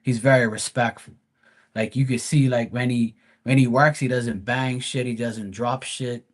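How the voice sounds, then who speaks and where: A man's voice: mid-range voice, steady tone, moderate pace. A man hosting a live stream, telling a casual story in a blunt, profane, rambling way.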